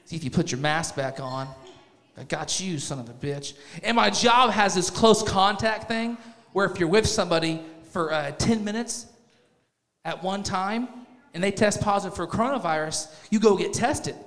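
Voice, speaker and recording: A man's voice: sits high, moderate pace, a bit bright. A man in his thirties doing a crude, rambling, self-mocking stand-up set on a club stage. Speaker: stand-up comedian. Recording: reverberant club hall.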